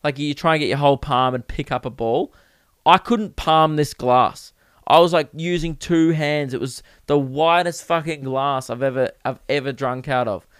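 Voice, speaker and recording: A young man rambles through a comic rant, swearing freely and mocking himself. His voice sits fairly high and sounds smooth and crisp. The recording is dry and close. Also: normal speed, a bit bright, no echo. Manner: rambling, profane, self-mocking. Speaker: podcast host. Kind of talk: casual comedic monologue.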